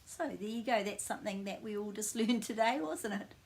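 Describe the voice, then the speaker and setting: A woman giving a pronunciation lesson, modelling each sound slowly and repeating it. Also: medium pitch. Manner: slow, drawn-out modelling of sounds with repetition. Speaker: language teacher.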